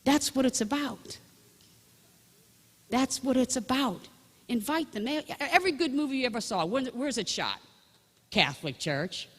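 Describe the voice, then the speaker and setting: A woman's voice: high-pitched, expressive, moderate pace, pauses often. Older woman telling chatty faith anecdotes, echoing. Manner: chatty, rambling anecdotes addressed straight to listeners. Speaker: Catholic speaker giving testimony. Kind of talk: storytelling faith talk. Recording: long echoing reverb.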